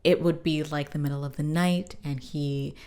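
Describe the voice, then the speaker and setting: A woman hosting a podcast, casually recapping a cartoon episode with swearing and quick character voices. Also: deep voice, fairly even intonation, mellow. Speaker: podcast host.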